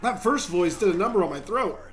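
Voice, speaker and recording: A man's voice: sits high, expressive, a little fast. A man hosting a gaming channel, giving chatty, rambling gameplay commentary and talking straight to viewers.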